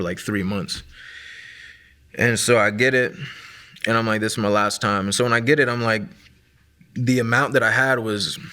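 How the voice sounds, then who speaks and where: A man's voice: fairly low pitch, sharp tone. A man in his late twenties from Maryland, telling his personal testimony in a casual way, full of fillers and restarts. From Maryland, USA. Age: 20s. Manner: casual, filler-heavy storytelling with many likes and restarts. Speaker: guest sharing testimony.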